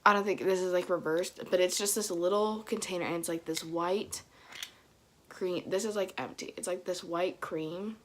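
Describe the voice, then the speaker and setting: A young woman with a Dominican family background, telling comic stories to camera in a casual vlog, mimicking her mother's scolding and getting loud at the punchlines. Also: lowish voice, fairly even intonation, moderate pace, slight background noise. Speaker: vlogger. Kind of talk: casual comedic storytelling to camera.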